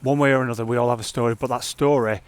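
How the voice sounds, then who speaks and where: A man talking casually to camera in a fitness vlog, energetic and rambling, reflecting openly on his days. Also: medium pitch, very fast, smooth, dry recording. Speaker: fitness vlogger.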